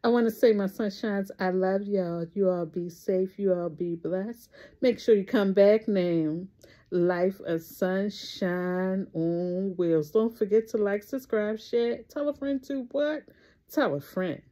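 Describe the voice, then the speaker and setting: A woman in her thirties, a vlogger giving her viewers an emphatic motivational talk and slowly stretching out the words she stresses. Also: mid-range voice, warm tone. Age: 30s. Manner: talks straight to her viewers. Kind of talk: casual motivational vlog talk.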